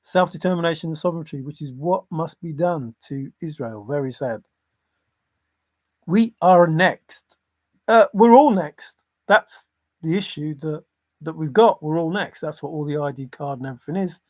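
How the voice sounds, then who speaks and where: Guy rambling on his livestream, kinda high voice, laughs a lot, dry close sound. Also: normal speed, a little mellow, no echo. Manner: rambling, chuckling, apologetic. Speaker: livestream host. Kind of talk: casual livestream chat.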